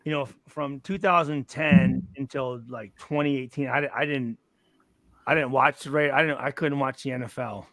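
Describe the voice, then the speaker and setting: A man's voice: mid-range voice, steady tone, moderate pace, fairly bright tone, dry recording. A man hosting a casual chat, a former football player who speaks bluntly with curses and stammered restarts.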